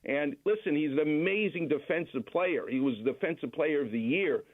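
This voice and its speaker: A man's voice: on the high side, normal speed. Man on a tinny phone line. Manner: storytelling, explanatory. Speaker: doctor guest. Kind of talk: casual chat.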